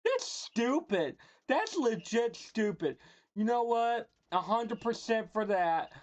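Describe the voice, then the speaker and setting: A woman's voice: medium pitch, big pitch swings, takes it slowly, faint music behind. A woman livestreaming, casually roasting people with playful mock insults and laughing at her own jokes while talking to chat. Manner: talks to chat and a friend off-mic.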